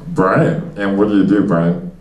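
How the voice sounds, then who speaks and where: A young man doing stand-up, his low voice wandering through loose, filler-heavy bits and crowd banter. He sounds a little distant from the mic, and the club room rings around him. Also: fairly even intonation, measured pace. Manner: rambling, loose delivery with many fillers and asides. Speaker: stand-up comedian. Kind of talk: stand-up comedy set with crowd work. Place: comedy club stage before a small audience. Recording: echoey room, miked from a distance.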